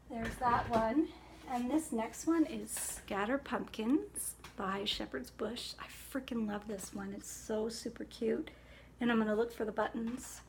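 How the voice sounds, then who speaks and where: A middle-aged woman chatting casually about her cross-stitch haul, chatty and excitable. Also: fairly high pitch, a little hiss or hum.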